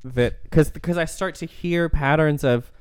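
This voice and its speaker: A man's voice: fairly high pitch, measured pace, clear, resonant tone, no echo. A man co-hosting a casual film podcast, teasing his partner playfully while thinking aloud. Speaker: podcast co-host.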